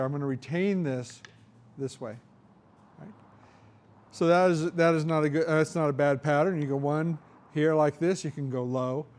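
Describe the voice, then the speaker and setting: This middle-aged man's voice is a little high with a darkish tone. Teaching a hands-on martial arts seminar, he explains every move while showing it and frequently checks in with "right?".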